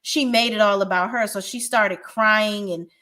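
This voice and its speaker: At a moderate pace and steady tone, the reality TV reviewer speaks at medium pitch with a pushed, bright quality. She bluntly and profanely recaps the show in a casual way, often breaking off to begin her sentences again.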